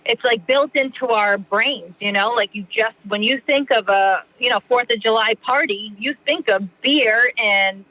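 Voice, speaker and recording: A woman's voice: a little high, unhurried, hardly any pauses, bright, forceful tone, low-quality recording. A woman speaking as a podcast guest in casual, rambling conversation, full of "like" and "you know".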